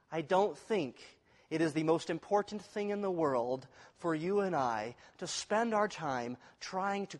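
A pastor giving a sermon in a conversational way, asking the congregation questions. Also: male voice, high-pitched, big-room sound.

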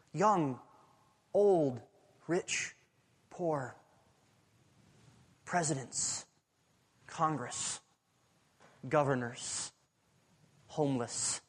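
Man preaching in a reverberant hall. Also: a little high. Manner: dramatic swings between loud urgency and hushed near-whisper. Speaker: pastor. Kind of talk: sermon.

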